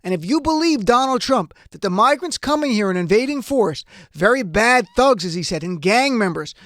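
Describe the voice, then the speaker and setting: A man's voice: sits high, expressive, normal speed, fairly bright tone, no echo, clean studio sound. A man hosting a political talk show, delivering emphatic, indignant commentary. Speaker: radio talk show host.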